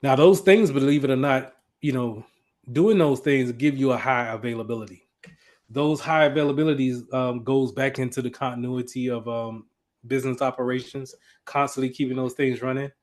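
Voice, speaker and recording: A man's voice: medium pitch, fairly even intonation, normal speed, a little mellow. A man teaching an IT class in a casual, conversational lecture, with frequent fillers and restarts as he explains. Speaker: IT instructor.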